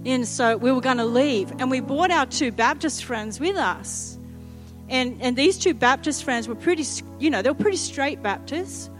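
A middle-aged woman preaches in a high voice, telling a lively, funny story and acting out each quote. Faint music plays underneath her. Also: normal speed. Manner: lively, humorous, acts out quotes. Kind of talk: sermon storytelling.

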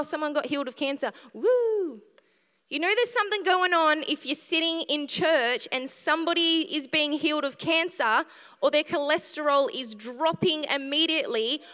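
A high, bright woman preaching to a church in a chatty, humorous way. She bursts into loud, passionate cries between stretches of quick storytelling. A long reverb from the hall trails after her voice. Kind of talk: sermon.

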